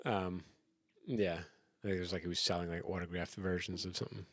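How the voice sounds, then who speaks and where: A man's voice: low voice, flat delivery, fairly quick, a bit bright, no room sound, clean studio sound. A man hosting a casual podcast chat about music, rambling with many fillers and restarts. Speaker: podcast host.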